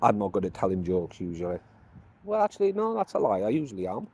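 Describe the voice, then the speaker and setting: A man's voice: fairly low pitch, huge pitch swings, fast talker, darkish tone, a little hiss or hum. A man vlogging outdoors from a handheld phone, rambling, muttering to himself and poking fun at himself. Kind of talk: casual vlog talk to camera. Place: outdoors by mailboxes, walking around.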